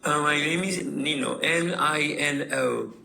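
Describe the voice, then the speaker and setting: A man from Peru with a Peruvian Spanish accent, speaking halting learner English in a class on a video call. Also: on the high side, creaky, pushed and bright, slight background noise, rough recording. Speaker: student. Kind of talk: casual conversation.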